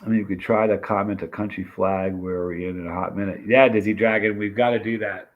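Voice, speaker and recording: A man's voice: lowish voice, fairly even intonation, brisk, phone-quality sound. A man hosting a live stream, chatting casually and greeting viewers by name as he reads their comments. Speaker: livestream host.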